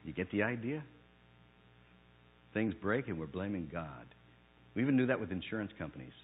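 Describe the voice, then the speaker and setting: A male pastor preaching a sermon who tells personal stories and swings from low, hushed phrases to loud, emphatic passages. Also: big pitch swings, normal speed, in a large hall, slight background noise. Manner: storytelling with personal anecdotes. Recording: narrow phone-like sound.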